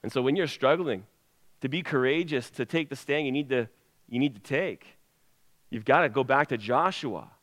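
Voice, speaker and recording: A man's voice: mid-range voice, normal speed, fairly bright tone. Emphatic preacher man in echoing hall. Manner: emphatic, rising and falling delivery. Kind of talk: sermon. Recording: long hall reverb.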